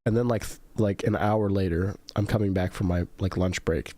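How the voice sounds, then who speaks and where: A man hosting a casual podcast livestream, telling stories and doing high-pitched voices for the people he quotes. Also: steady tone, moderate pace, dark tone, no echo, clean studio sound. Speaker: podcast host.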